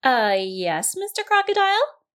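A woman's voice: fairly high pitch, wildly swooping pitch, unhurried, gravelly, breathy edge, heavily acted. A woman voicing a small, cautious male monkey who answers hesitantly and politely in a storybook reading.

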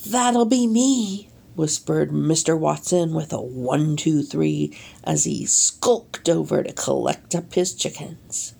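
A woman reading a children's storybook aloud, animated and deliberate. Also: deep voice, gravelly, slightly rough. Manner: animated, slow and deliberate, leaning into sound effects. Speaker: storybook reader. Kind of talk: expressive read-aloud storytelling.

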